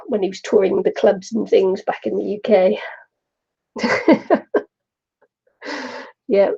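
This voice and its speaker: A woman's voice: mid-range voice, gravelly, mellow, slightly rough, lo-fi sound. A middle-aged woman from the UK, chatting casually and rambling while she crafts, laughing often. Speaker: craft vlogger.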